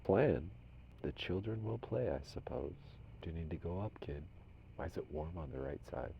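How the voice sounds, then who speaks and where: A man from Minnesota talking casually to unseen spirits as a medium, rambling and shifting between loud commands and soft whispers. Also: low voice, lively intonation, moderate pace, vocal fry, breathy edge, lo-fi sound. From Minnesota, USA.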